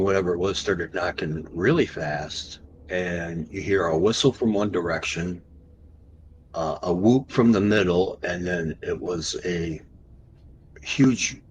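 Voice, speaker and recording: Man, deep low voice, podcast guest, animated storyteller, drawn-out pauses at tense parts. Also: background noise. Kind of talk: recounting an encounter story.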